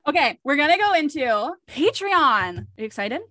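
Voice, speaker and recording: A woman hosting a casual podcast chat, gushing and excitable like a superfan. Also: high-pitched, normal speed. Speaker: podcast host.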